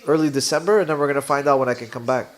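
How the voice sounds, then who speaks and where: A man's voice: medium pitch, rapid-fire. A young man with a Canadian accent hosts a live watch party, chatting casually, reading viewer comments and laughing often.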